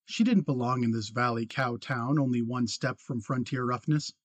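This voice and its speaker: Male audiobook narrator, measured and even; dry, mid-pitched studio read. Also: no echo. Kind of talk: scripted narration.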